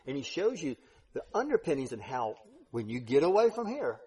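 Husky-voiced man preaching a sermon. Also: mid-range voice, very animated, a little fast. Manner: emphatic, swings between loud stresses and quiet drops.

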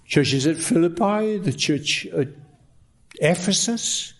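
A man preaching a sermon, emphatic, with rising exclamations and lines that drop to a hush. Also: a little high, sing-song, takes it slowly, vocal fry, pauses often.

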